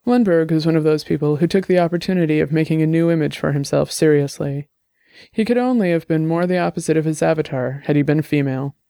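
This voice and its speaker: A narrator reading a science fiction story in a steady, measured audiobook style. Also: mid-range voice, vocal fry, no room sound, studio quality.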